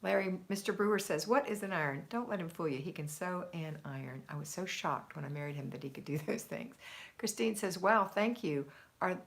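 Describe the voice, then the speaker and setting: A woman's voice: lowish voice, lively intonation, a little fast, vocal fry. A middle-aged woman with a Southern US accent, hosting a casual live stream, chatty and easily sidetracked, laughing often as she reads out viewer comments. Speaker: homemaking livestream host.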